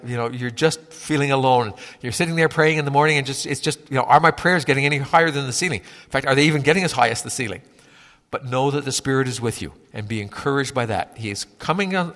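A man preaching a sermon in a conversational, halting way, often repeating words as he gathers his thoughts. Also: medium pitch, fairly bright tone, long reverb tail. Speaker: pastor.

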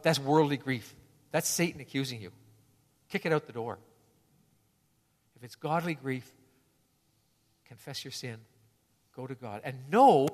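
A man's voice: fairly high pitch, long reverb tail. A male pastor preaching a sermon in an earnest, conversational way, often restarting phrases.

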